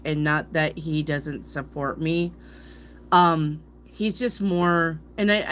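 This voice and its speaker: Slow-talking playful middle-aged woman. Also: sits low, fairly bright tone, a little hiss or hum. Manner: playful, stumbles and laughs over hard words. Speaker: tarot reader. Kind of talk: casual rambling chat to viewers.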